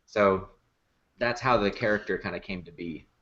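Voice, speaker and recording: A man's voice: lowish voice, moderate pace, a bit bright, dull audio, a little hiss or hum. A man who builds and performs puppets, telling stories in a casual podcast chat, with easy laughs and many fillers. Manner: laughs easily, chatty storytelling with many fillers.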